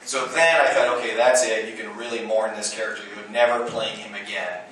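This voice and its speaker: A middle-aged man, a voice actor and convention panel guest, telling lively anecdotes with frequent laughter and acted-out quotes. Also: lowish voice, brisk. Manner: animated storyteller, laughs often, quotes others. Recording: roomy hall recording from far off with noise.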